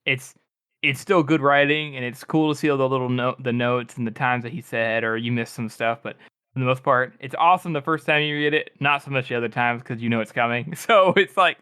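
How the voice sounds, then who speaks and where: A man's voice: mid-range voice, brisk, sharp tone, clean tone, no room sound, clean studio sound. A man co-hosting a casual book podcast, rambling and laughing as he talks. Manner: rambling, laughing, lots of fillers. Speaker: podcast co-host.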